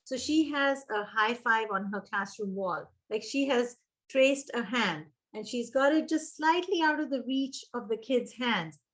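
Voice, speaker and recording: Older woman coach with a higher voice. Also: measured pace. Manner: engaging, asks the audience questions and repeats key words for emphasis. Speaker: early childhood education coach. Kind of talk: webinar presentation.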